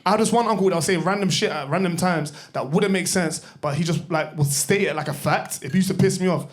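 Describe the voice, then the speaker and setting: Fast-talking young comedian. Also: male voice, sits high. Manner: loose, slangy storytelling, self-mocking. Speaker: stand-up comedian. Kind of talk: stand-up comedy set. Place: comedy club stage.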